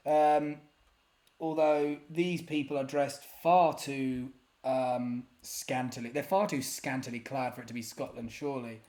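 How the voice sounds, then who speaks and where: A man's voice: mid-range voice, fairly even intonation, unhurried, dark tone. A man giving casual, self-deprecating commentary while playing a geography guessing game, often muttering in exasperation. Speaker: gaming YouTuber.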